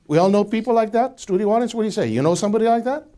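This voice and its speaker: Animated, mellow-voiced male preacher. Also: sits high, racing. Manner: animated, questioning the audience, many restarts. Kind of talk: Bible teaching to a studio audience.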